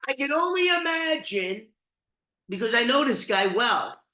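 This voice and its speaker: A man's voice: very high voice, very animated, a little slow, bright, forceful tone. An older man telling a rambling, profane story with frequent laughs. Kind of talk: casual storytelling. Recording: roomy echo.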